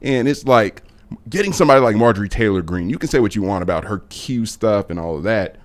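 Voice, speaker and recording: A man's voice: lowish voice, expressive, quick pace. A man, a guest commentator, explaining his views at length in a casual podcast chat. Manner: talks in long, explaining stretches.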